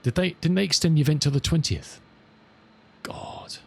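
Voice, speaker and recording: A middle-aged man chatting casually with viewers as a live streamer, rambling and amused, reading radio calls slowly. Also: fairly high pitch, vocal fry, slightly rough. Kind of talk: casual chat with viewers while flying.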